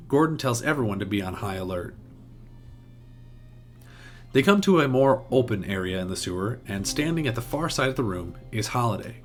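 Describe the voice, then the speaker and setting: A man narrating a plot outline in a steady recap tone, with the odd small restart. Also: fairly low pitch. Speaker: video essay host.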